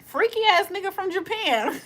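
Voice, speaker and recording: A woman's voice: very high voice, expressive, moderate pace, fairly bright tone. A woman hosting a casual livestream, reading chat aloud, playful and profane, laughing often and teasing viewers in a mock-preacher tone. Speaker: livestream host.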